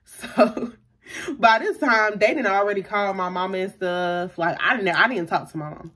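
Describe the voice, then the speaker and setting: This young woman vlogger has a medium-pitched, fairly bright voice and a moderate pace. Chatting casually through a personal story, she fills it with fillers and acts out what people told her.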